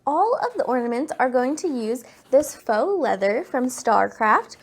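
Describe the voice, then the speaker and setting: A woman's voice: high-pitched, very animated, unhurried, husky. An upbeat woman teaching a crafting class, welcoming viewers and walking through supplies. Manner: upbeat, enthusiastic. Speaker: craft instructor. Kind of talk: class tutorial.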